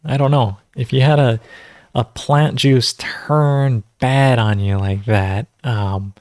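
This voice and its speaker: A man's voice: mid-range voice, steady tone, slow pace, darkish tone, no echo. A man hosting a casual livestream Q&A, rambling and conversational, full of fillers as he teaches natural farming.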